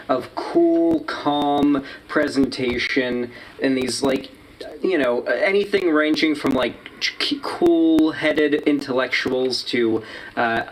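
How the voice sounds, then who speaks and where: A man giving casual commentary, halting with many fillers and tag questions. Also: medium pitch, slight background noise, low-quality recording.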